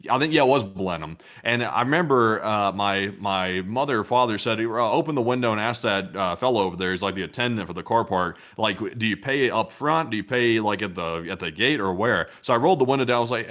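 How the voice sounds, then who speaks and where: A man from the United States co-hosting a livestream, telling stories haltingly with many fillers. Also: fairly low pitch, fairly bright tone. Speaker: news channel co-host. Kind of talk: casual livestream chat.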